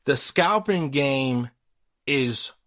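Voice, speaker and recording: A young man hosting a podcast, telling a story in a casual, profane, animated way. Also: mid-range voice, very slow. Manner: animated, profane, retells quotes with voice jumps. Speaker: podcast host.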